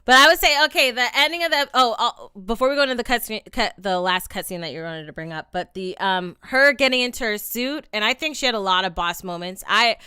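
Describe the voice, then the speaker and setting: A young woman on a podcast, quick to argue her point. Her voice is bright and very crisp, and the sound is close and dry. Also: a little high, dry recording. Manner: argumentative, quick to counter. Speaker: podcast co-host. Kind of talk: casual chat.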